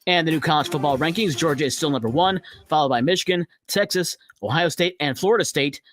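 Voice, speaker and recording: A man reading a scripted radio sports update in a brisk, steady newsreader manner. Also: on the high side, faint music behind. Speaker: sports news reader.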